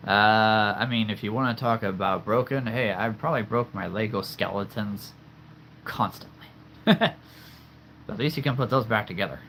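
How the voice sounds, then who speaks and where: A man's voice: lowish voice, moderate pace, fairly bright tone, slight background noise. A man in his thirties chatting casually on a livestream from his home, rambling and laughing often at himself. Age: 30s. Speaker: streamer showing his figure collection. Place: home room with toy figures.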